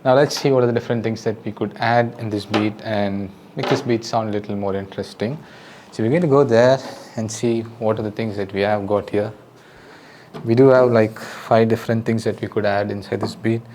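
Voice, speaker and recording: A man's voice: lowish voice, fairly even intonation, brisk, slight background noise. A man with an Indian English accent teaching drums in a casual, patient way, counting beats aloud and giving friendly step-by-step instructions. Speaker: drum teacher. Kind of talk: casual spoken lesson. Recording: loud drum music behind the voice. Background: drums and music.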